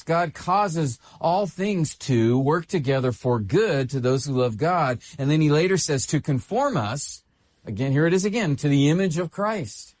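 A male pastor delivering a sermon with a slightly raised voice and a very lively pitch that swoops up and down. He leans on emphatic repetition to drive each point home. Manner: expressive preaching with emphatic repetition.

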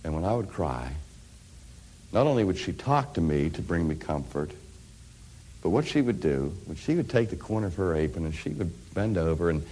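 Middle-aged preacher, hushed to ringing. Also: male voice, sits low, very animated, moderate pace. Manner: dramatic, swinging from hushed near-whispers to loud ringing climaxes. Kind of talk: sermon.

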